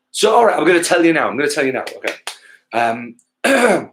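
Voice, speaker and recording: A man's voice: a little high, big pitch swings, brisk, fairly bright tone. A man from England, a touring musician, chatting casually to livestream viewers between songs, rambling and losing his thread, with casual swearing and self-mocking jokes. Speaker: musician hosting a livestream gig.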